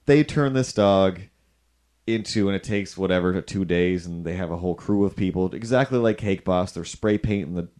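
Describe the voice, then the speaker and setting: A male podcast host chatting casually in a fairly low voice. He rambles and jokes, often putting himself down as he goes. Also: normal speed, darkish tone. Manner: rambling, jokey, self-deprecating. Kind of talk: casual chat.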